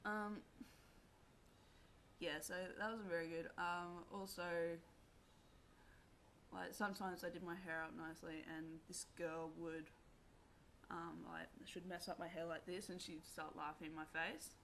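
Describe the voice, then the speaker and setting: A young woman telling a personal story to camera in a rambling, halting way, full of fillers. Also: on the low side, flat delivery, creaky, fairly bright tone, a little hiss or hum. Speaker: vlogger.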